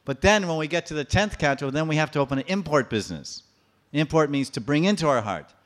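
A man giving a sermon, explaining scripture and acting out the stories in a lively manner. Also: fairly high pitch, quick pace. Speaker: preacher. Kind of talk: sermon with storytelling.

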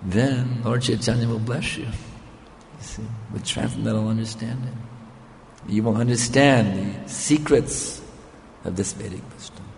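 Gravelly older male preacher in a hall. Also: mid-range voice, a little slow, a little mellow, a little hiss or hum. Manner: conversational, checks in with listeners. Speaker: spiritual teacher. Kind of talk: storytelling sermon. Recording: long reverb of a hall.

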